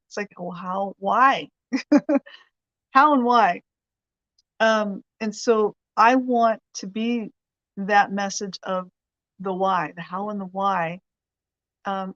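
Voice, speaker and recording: A woman's voice: medium pitch, no room sound, muffled recording. A woman hosting a weekly prayer show, giving a chatty, rambling faith lesson with frequent laughs. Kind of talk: casual faith teaching.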